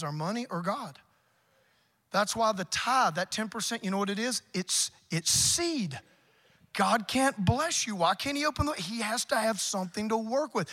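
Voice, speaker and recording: A man preaching a sermon as pastor, building to loud emphatic points. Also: high voice. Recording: reverberant church hall.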